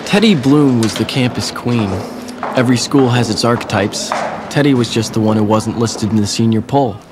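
A man's voice: mid-range voice, normal speed, noisy background, close to an everyday voice. A man voicing Tom, a dry reflective teen narrator. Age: teens. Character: reserved teenage boy, Tom. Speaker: narrator and high school student.

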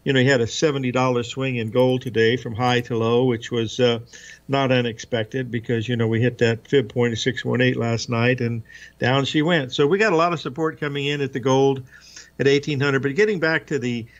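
A man's voice: mid-range voice, fairly even intonation, fairly quick. A man speaking as a trading guest on a radio show, easygoing and full of fillers. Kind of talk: radio interview. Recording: dull lo-fi line.

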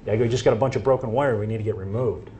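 A man with a fairly low, mellow voice speaks in rapid-fire bursts over slight background noise. Presenting live to a room on medical topics, he walks through cases anecdotally and acts out his exchanges with patients and doctors.

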